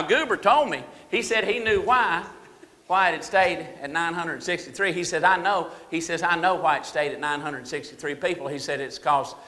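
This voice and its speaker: A man's voice: fairly high pitch, pushed and bright. A man impersonating a jittery, boastful small-town deputy, telling folksy yarns for laughs in a Southern drawl. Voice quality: folksy drawl, tells yarns and quotes others. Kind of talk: comedic stage monologue. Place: banquet hall. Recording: echoey hall.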